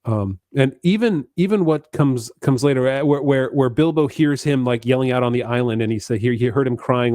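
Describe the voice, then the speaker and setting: A man's voice: medium pitch, a little fast, few pauses, darkish tone, no room sound. Eager man talking books, dry close sound. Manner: enthusiastic, stammering restarts. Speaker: podcast co-host. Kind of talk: casual book discussion.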